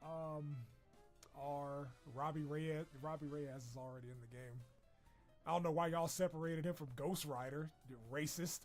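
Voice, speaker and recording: A young streamer with a steady, slightly mellow voice on the high side chats at a moderate pace while reacting to a character wishlist. He's loose, profane and jokey, breaking into laughter, with video game music playing behind him.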